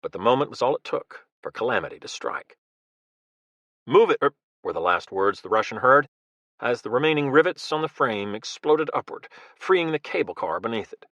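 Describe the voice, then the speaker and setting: A male audiobook narrator tells a thriller in a measured, dramatic way. His tone is bright and pointed, and every line lands with force. The recording is dry, with no room sound. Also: mid-range voice, lively intonation, no echo.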